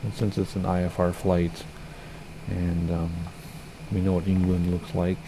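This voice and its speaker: Low gravelly man chatting through a flight sim. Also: level tone, measured pace, background noise. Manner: chatty, rambling, self-correcting. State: slightly hoarse. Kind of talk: casual gameplay commentary.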